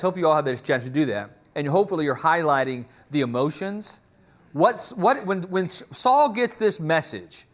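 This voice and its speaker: Conversational male preacher, slightly high voice. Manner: conversational storytelling, acts out quotes. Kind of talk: sermon.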